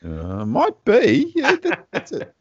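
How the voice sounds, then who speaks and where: A man's voice: sits high, huge pitch swings, slow, slightly rough, dry recording. A man with an Australian accent, co-hosting a podcast in casual chat, thinking aloud with lots of laughs and restarts. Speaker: podcast co-host. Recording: dull lo-fi sound.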